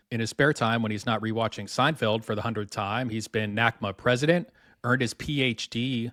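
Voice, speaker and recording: A middle-aged man co-hosts a podcast in a casual, irreverent tone, cracking sarcastic jokes. His voice sits at a middle pitch. The sound is close and dry, with no room behind it. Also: fairly bright tone, dry recording. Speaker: podcast co-host. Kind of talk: casual podcast banter and mock ad reads.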